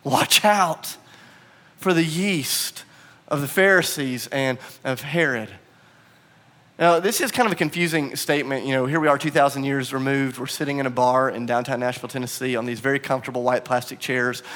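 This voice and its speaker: A man preaching a sermon as pastor, animated and acting out quoted lines with a raised voice. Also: medium pitch. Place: bar used as church venue.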